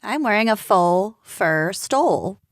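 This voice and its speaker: A woman's voice: medium pitch, lively intonation, slow, no room sound, clean studio sound. A woman co-hosting a podcast in casual chat, giggly and teasing. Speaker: podcast co-host.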